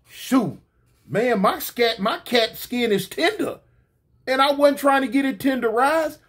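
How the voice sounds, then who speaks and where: A man telling a funny story in a casual, slangy, animated way, getting loud and excited at the big moments. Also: very high-pitched, measured pace. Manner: animated, slangy, rising to near-shouts at the peak.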